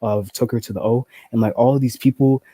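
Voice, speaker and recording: A man's voice: mid-range voice, fairly even intonation, quick pace, mellow, no room sound. A young man in casual group discussion, blunt and profane, peppering his talk with "like". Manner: blunt, profane, heavy use of "like" fillers.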